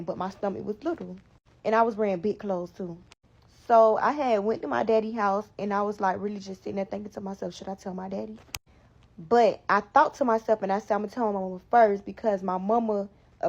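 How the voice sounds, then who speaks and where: Twenties woman, South Florida accent, animated profane storyteller, mid-pitched, lo-fi muffled audio. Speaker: guest. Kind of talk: casual storytelling.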